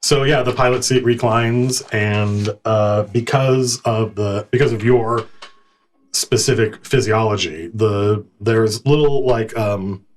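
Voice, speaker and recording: Game master, male, lowish register, halting rambling delivery. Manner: rambling, halting, many restarts and fillers. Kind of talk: narrating a tabletop game.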